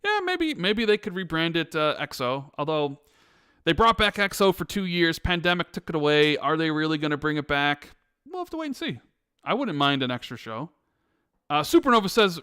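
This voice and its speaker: A man hosting a casual gaming podcast, talking in an animated, ranting way with frequent restarts. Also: fairly high pitch, normal speed, clean tone, dry recording, clean studio sound. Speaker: podcast host.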